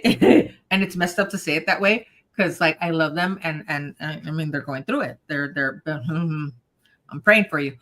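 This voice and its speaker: Woman co-host, spiritual talk show; bright, forceful tone; rambling, stammering restarts, lots of uh-huhs. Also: low voice.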